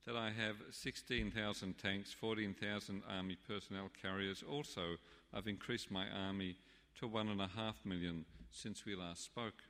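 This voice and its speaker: A man's voice: on the low side, steady tone, moderate pace, sharp tone. A man playing a pompous military dictator who speaks in a stiff, self-important way, with the long reverb of a church.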